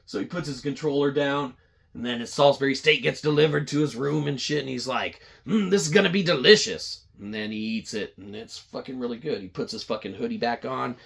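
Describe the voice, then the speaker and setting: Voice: medium pitch, steady tone, fairly quick, creaky, crowd noise. A podcast host telling a crude, rambling, sarcastic comedic story. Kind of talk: profane comedic rant.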